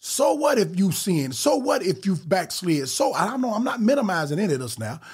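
A man preaching a fervent podcast sermon, exhorting listeners with quick bursts and drawn-out emphasis. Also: high-pitched, very animated, slightly rough.

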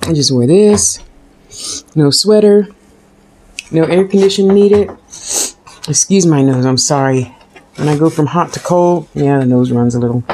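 A woman's voice: low-pitched, moderate pace, long pauses, mellow, slight background noise. A woman vlogger chatting casually while eating and talking with her mouth full. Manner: talks with mouth full, chewing and smacking. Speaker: food vlogger.

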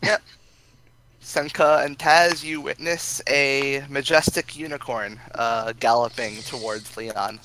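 A man running a tabletop game as game master, laid-back and unhurried. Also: mid-range voice, steady tone, pushed and bright, slight background noise, poor audio.

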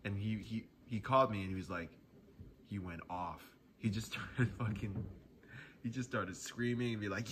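A man's voice: lowish voice, moderate pace, background noise. A young man casually telling a personal story, laid-back and profane, chuckling often.

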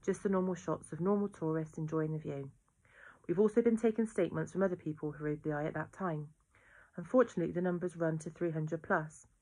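Woman doing a calm lady inspector, steady, reassuring. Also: low-pitched. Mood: measured. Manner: measured, reassuring. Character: calm, patient female police inspector.

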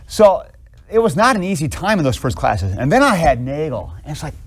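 A middle-aged man lecturing in a seminary classroom, telling stories in a casual, animated way with many fillers. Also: a little high, brisk, breathy edge. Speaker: seminary professor.

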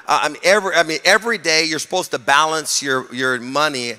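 Middle-aged guy preaching, jokey storyteller, bright voice echoing round a big church. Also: on the high side, brisk, smooth. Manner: storytelling, animated, jokes with the congregation. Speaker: pastor. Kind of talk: sermon. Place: church sanctuary. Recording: long reverb of a hall.

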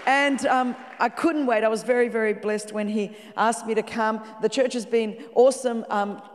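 A woman's voice: a little high, steady tone, normal speed, big-room sound, some chatter behind. A woman in her fifties with an Australian accent, preaching as a guest pastor in an exuberant, joking way. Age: 50s. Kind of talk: sermon. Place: large church.

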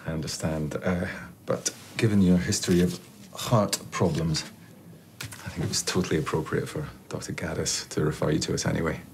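An actor playing a polite, measured heart consultant speaking to a patient. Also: male voice, very deep voice, fairly even intonation, gravelly, a little hiss or hum. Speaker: doctor. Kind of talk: TV soap drama acting.

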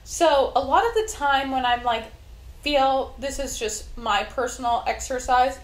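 Woman, tarot vlogger, chatty, rambling, fairly high voice, echoey room. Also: unhurried. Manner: chatty, rambling, frequent fillers. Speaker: tarot reader. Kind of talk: casual tarot reading vlog.

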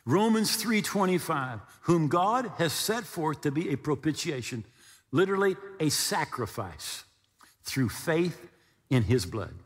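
Male pastor, sermon delivery, high and very expressive, echoing sanctuary sound. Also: measured pace. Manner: animated preaching with acted-out dialogue and humor.

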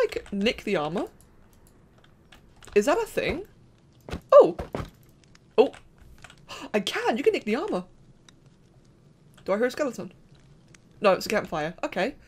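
A young woman giving chatty, excitable let's-play commentary, thinking aloud and talking to the characters on screen. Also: mid-range voice, a little hiss or hum. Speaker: gaming channel host.

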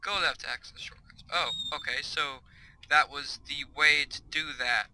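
A man's voice: on the high side, steady tone, normal speed, background noise. A young man giving casual, chatty let's-play commentary from his bedroom, reading on-screen tips aloud. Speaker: gaming YouTuber. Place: home bedroom.

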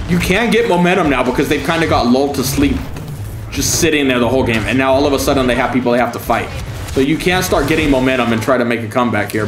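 A man's voice: medium pitch, reverberant, background noise. A man giving profane, sarcastic commentary while streaming a game, taunting opponents with mock-scared calls. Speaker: gaming streamer.

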